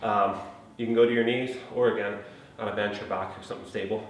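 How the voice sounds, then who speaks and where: A man's voice: lowish voice, fast talker. Out of breath guy explaining workout modifications, chill and chatty, super echoey room, mic kinda far away. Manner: relaxed, chatty, huffing between phrases. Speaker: fitness trainer. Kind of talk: casual workout instruction. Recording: very echoey room, mic at a distance, faint noise.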